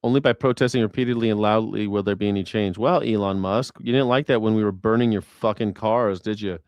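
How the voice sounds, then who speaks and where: A man's voice: fairly low pitch, fairly even intonation, a little fast, a little mellow, clean tone, dry recording. A man hosting a news reaction show, ranting about politics in a crude, sarcastic, mocking way with lots of swearing. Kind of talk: profane political commentary rant.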